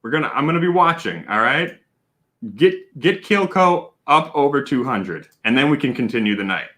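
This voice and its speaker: A man hosting a casual livestream, chatty and animated, with plenty of fillers and shout-outs to viewers. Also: mid-range voice. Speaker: livestream host.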